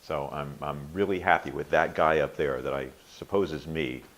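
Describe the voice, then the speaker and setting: An older man in his sixties speaks in a very low voice, thinking aloud as he answers. His talk is reflective and halting, full of restarts, and he lightens it with animated quoted asides. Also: low-quality recording. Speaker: interview guest, workshop alumnus.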